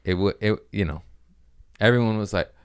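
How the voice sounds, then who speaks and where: A man's voice: on the low side, normal speed, clear, resonant tone. A man hosting a podcast, casually telling a rambling, profane story about his comedy gig.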